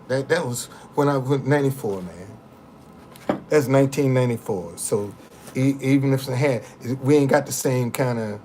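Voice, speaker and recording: An older man telling a personal story in a casual, profane, animated way, often restarting and repeating words. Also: medium pitch, slight background noise.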